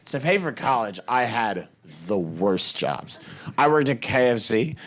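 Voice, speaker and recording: A man from the Boston area performing a stand-up comedy set, telling stories quickly and animatedly, with bursts of shouting. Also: medium pitch, expressive, a crowd in the background, background noise. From Boston area, USA.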